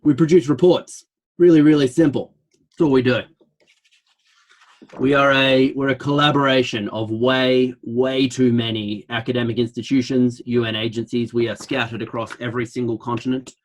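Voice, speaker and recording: A man's voice: medium pitch, little pitch movement, moderate pace. A man with an Australian accent giving an online lecture in a flippant, joking way.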